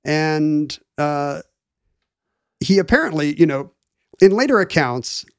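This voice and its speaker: A man in casual chat, explaining a bit of history in an animated way with lots of fillers and restarts. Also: fairly high pitch, slow, clean tone, no room sound, clean studio sound.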